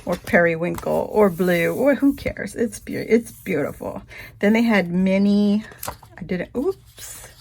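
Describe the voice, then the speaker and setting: Slow, chatty woman gushing over crafts. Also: a little mellow. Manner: rambling and chatty, gushes in high squeals over cute items. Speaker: craft vlogger. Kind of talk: casual shopping haul chat.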